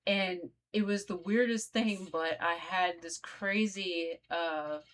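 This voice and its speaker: A woman's voice: on the low side, slow pace, fairly bright tone. A woman vlogger telling her own story in a casual, conversational way, talking straight to her viewers. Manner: conversational, addresses viewers directly.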